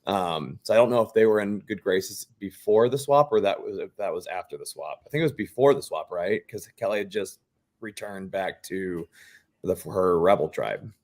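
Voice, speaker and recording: A man's voice: sits low, normal speed. A man co-hosting a casual recap chat, thinking aloud and teasing the others. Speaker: podcast co-host.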